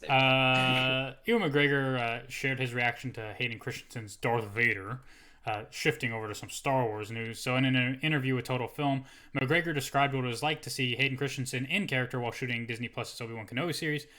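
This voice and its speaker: A man co-hosting a podcast, reading entertainment news aloud between casual banter. His voice is bright and forceful, with a playful, profane manner. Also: medium pitch, steady tone, fairly quick. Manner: swears freely, playful. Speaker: podcast co-host.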